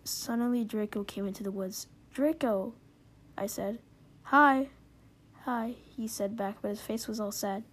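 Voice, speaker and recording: A woman's voice: medium pitch, steady tone, moderate pace, mellow, slightly rough. A young woman reading fan fiction aloud with giggly, dramatic line readings. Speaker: reader.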